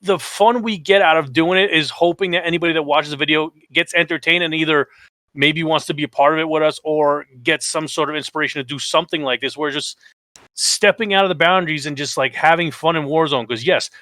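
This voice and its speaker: Bright-voiced man telling podcast stories. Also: fairly high pitch, a little fast, no echo. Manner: animated storytelling, acts out quotes. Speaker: podcast co-host. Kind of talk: casual podcast chat.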